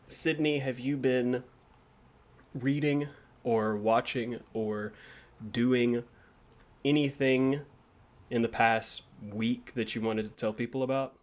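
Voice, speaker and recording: A man's voice: medium pitch, slow, long pauses. A man hosting a podcast in casual, joking chat. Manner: relaxed, joking, laughs often. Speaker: podcast host.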